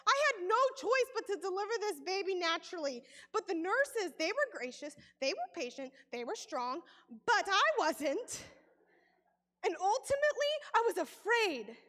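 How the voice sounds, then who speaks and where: A woman telling a deeply emotional personal testimony, pausing often, her voice breaking with feeling. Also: expressive, bright, forceful tone, in a large hall. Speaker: speaker sharing a personal testimony.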